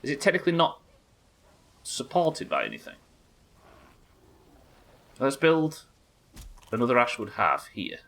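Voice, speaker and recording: A man's voice: mid-range voice, huge pitch swings, a little slow, creaky, long pauses, fairly bright tone, a little hiss or hum. A British man giving casual, chatty, sweary commentary while he plays and builds in a game. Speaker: game streamer. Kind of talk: casual let's-play commentary.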